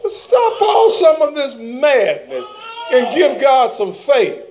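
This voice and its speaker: A man preaching a sermon to his church, calling for amens and breaking into shouted bursts. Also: very high voice, wildly swooping pitch, slow pace, background noise.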